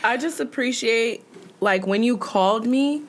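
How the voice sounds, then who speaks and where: A woman's voice: on the high side, measured pace. A young woman co-hosting a podcast in casual chat. She talks bluntly, swears, and finishes her friend's sentences. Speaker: podcast co-host.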